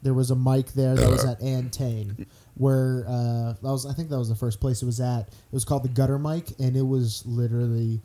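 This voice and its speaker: A man's voice: medium pitch, flat delivery, a little fast, mellow. A man, a guest comedian, telling laid-back stories in a casual chat.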